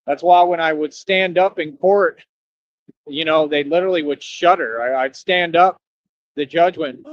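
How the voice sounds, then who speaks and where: A man's voice: high voice, dry recording. A young man streaming, ranting in an emphatic, combative, slangy way. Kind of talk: livestream rant. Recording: dull lo-fi audio.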